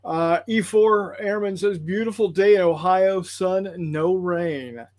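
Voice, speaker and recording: A man's voice: high-pitched, slow, darkish tone, no echo. A man hosting a tabletop gaming livestream, chatting casually and rambling apologetically through viewer comments with plenty of fillers.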